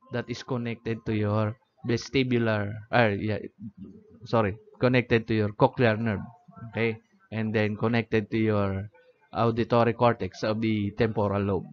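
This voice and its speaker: A man teaching an anatomy lecture, often checking in with "okay?" and "no?". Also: medium pitch. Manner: repeats "okay?" and "no?" checking on listeners. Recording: dull lo-fi audio.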